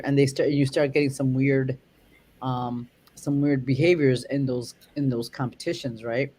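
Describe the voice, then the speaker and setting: A dog trainer talks through ideas in a mid-range voice. The delivery is halting and rambling, full of restarts. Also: mid-range voice, fairly even intonation, darkish tone. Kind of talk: casual chat.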